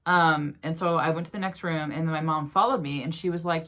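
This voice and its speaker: A woman's voice: deep voice, brisk, few pauses, fairly bright tone. A woman vlogger casually telling a personal ghost story, chatty and full of fillers.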